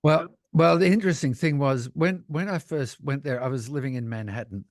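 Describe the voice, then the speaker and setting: An older Australian man telling animated anecdotes in a casual interview, laughing often. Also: mid-range voice, fairly quick, no room sound, clean studio sound. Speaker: guest, cinematographer.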